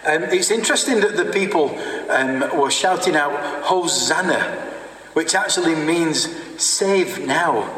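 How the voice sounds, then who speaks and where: A man giving a sermon in a halting way, with many fillers and repeated words. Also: fairly high pitch, a bit bright. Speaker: preacher. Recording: echoey hall from far off.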